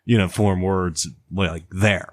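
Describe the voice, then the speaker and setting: Rambling low-voiced midwestern guy. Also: fairly even intonation, takes it slowly, dry recording, studio quality. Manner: rambling, many restarts and fillers. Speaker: podcast co-host. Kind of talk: casual chat.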